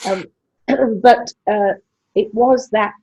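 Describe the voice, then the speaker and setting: Older posh English woman, husky voice. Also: medium pitch, very slow, a little mellow. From England. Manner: crisp precise diction, frank and salty. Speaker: interviewee. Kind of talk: conversational interview. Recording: muffled lo-fi sound.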